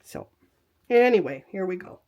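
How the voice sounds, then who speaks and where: A woman's voice: on the low side, lively intonation, moderate pace, muffled recording. An older woman hosting a casual quilting tutorial from her home craft room on a webcam, chatting and talking to herself as she works, sometimes dropping into a whisper. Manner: chatty, talks to herself while working, drifts into whispers.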